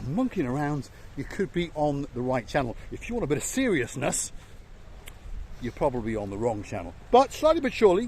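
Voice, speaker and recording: A man's voice: fairly high pitch, a little hiss or hum. An English man hosting a playful travel vlog outdoors by a seaside resort, rambling and joking like a tour guide. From England. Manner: jokey, rambling, lively tour-guide patter. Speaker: vlogger host.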